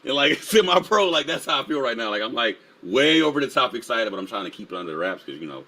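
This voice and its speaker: A man's voice: medium pitch, sing-song, fast talker, bright, forceful tone. A man hosting a casual live stream, full of energy, laughing often and reading the chat aloud. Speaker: livestream host.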